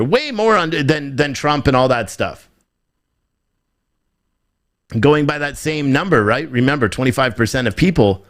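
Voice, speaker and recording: An American man talking through political commentary on a live stream, with a voice that sits a bit higher than most men's. He drives each point home with repetition and rhetorical questions. His delivery rambles, and he often starts a sentence over. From United States. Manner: rambling, with frequent restarts. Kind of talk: off-the-cuff commentary reacting to viewer chat.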